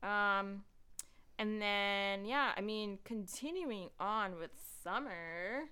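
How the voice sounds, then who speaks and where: Bright-voiced chatty young woman. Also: mid-range voice, slow pace, clear, resonant tone. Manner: chatty, lots of "like" fillers, laughs often. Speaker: podcast host. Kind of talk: casual chat.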